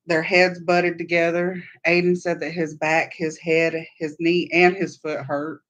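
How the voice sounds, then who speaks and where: A woman hosting a casual livestream chat, telling meandering, chatty stories. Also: sits low. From Southern United States. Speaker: podcast host.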